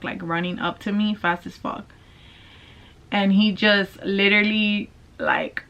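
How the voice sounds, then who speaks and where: A woman's voice: medium pitch, sharp tone. Candid, swearing young woman vlogger. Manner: candid, casual, swears freely, slangy. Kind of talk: storytime vlog. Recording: dull lo-fi sound.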